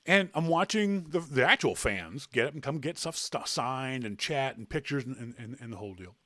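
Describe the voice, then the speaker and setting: Lively man telling a story. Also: mid-range voice, moderate pace, no room sound, clean studio sound. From Canada. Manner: animated, self-deprecating anecdote teller. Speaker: podcast host. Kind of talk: casual storytelling.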